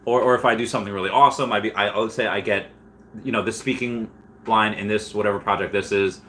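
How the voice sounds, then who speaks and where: A man with a somewhat low voice rambles through a casual livestream, reacting to chat messages. He is animated and laughs easily. A faint room noise sits underneath. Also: fast. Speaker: streamer reading live chat.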